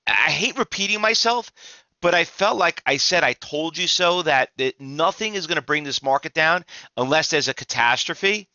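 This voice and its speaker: A man's voice: a little high, pushed and bright, no echo, dull audio. A middle-aged man, an exhausted trading instructor giving rambling, emphatic market commentary to viewers with many restarts.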